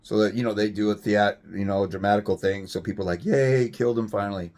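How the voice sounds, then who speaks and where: A man's voice: lowish voice, flat delivery, fast talker, a little mellow. A man giving a blunt, profane, combative rant to camera as a fathers' rights advocate, firing off rhetorical questions.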